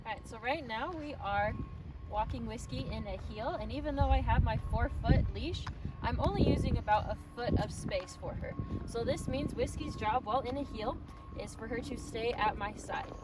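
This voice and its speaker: A woman dog trainer narrating a heel demonstration while walking a dog outdoors, instructive and brisk. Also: on the high side, far from the mic, heavy background noise.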